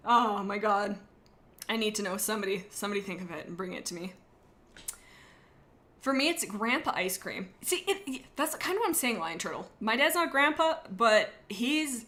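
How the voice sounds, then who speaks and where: A woman's voice: medium pitch, bright, forceful tone. A woman streamer chatting casually to her live viewers, rambling and joking as she goes.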